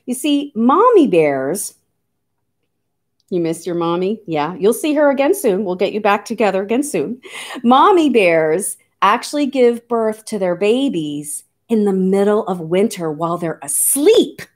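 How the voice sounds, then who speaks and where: A woman who teaches nature to children, speaking in an animated, sing-song, coaxing way as she shows live animals. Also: mid-range voice, unhurried. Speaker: nature educator.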